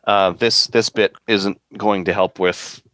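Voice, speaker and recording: Podcast co-host, man, somewhat low voice, hesitant conversational delivery, dry sound. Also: steady tone, takes it slowly, a bit bright, dry recording. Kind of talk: casual chat.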